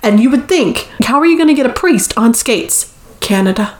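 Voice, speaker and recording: Woman putting on a gushy jealous bridesmaid voice, talks fast and rambly. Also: on the high side, lively intonation, echoey room, natural voice. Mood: gushing.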